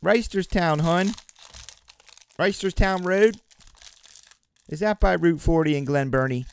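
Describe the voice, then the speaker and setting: Man doing a brash Baltimore local guy, high, loud, a bit gravelly, calls everyone "hun". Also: a little slow. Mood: brash, folksy.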